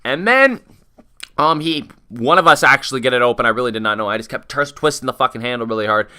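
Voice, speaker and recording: Young man, vlog storytime, rapid, bright, clear, profane, animated. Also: mid-range voice. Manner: profane, animated retelling with many quoted asides. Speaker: vlogger.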